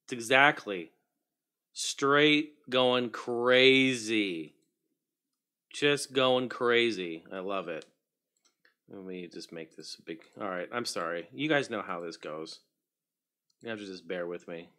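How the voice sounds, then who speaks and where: A man's voice: deep voice, expressive, normal speed, pushed and bright. A man hosting a casual livestream, chatting loosely, greeting viewers by name and muttering to himself while he fixes his setup. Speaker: livestream host.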